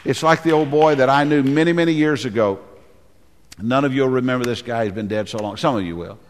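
A male pastor preaching a dramatic sermon, often clearing his throat and dropping low when he speaks as the giant. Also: fast talker. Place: church sanctuary. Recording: long hall reverb.

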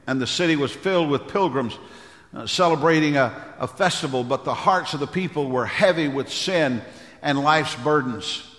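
A man's voice: fairly high pitch, fairly bright tone. A male pastor preaching a sermon in a church, building his points through emphatic repeated phrases and calling on the congregation for amens. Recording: long hall reverb.

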